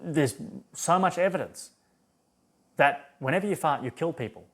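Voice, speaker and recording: A man's voice: fairly high pitch, lively intonation, moderate pace, voice pushed up. A man voicing a talking male donkey who urgently pleads with his friend.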